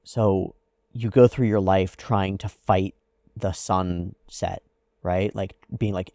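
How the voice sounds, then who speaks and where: A man's voice: low-pitched, fairly even intonation, unhurried, dark tone, no room sound, studio quality. A man hosting an anime reaction, talking through a character's psychology in a thoughtful, analytical way with frequent "like"s. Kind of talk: casual reflective commentary.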